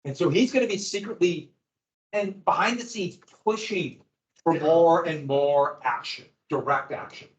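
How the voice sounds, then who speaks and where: This is a classroom history lecture from a man with a higher-than-average voice who takes his time. He explains casually and conversationally to the students, and the recording sounds echoey, dull and lo-fi.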